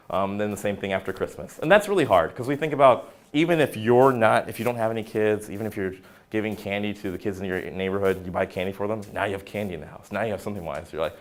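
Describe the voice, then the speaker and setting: A young male personal trainer talks fast through a casual wellness presentation. His voice sits on the low side, and he keeps cracking jokes and acting out quoted lines in exaggerated voices. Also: lively intonation. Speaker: fitness center personal trainer. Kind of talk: informal wellness talk.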